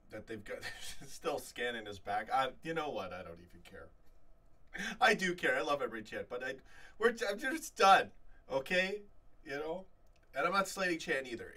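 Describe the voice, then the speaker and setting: A man's voice: lowish voice, far from the mic. Rambling man live-streaming fan chat. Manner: animated, rambling, many restarts. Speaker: fan channel host.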